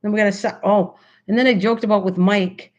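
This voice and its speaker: A woman hosting a casual craft livestream, chatting excitedly and answering her chat as she goes. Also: medium pitch, a little fast. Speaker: livestream host. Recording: slightly dull lo-fi stream audio.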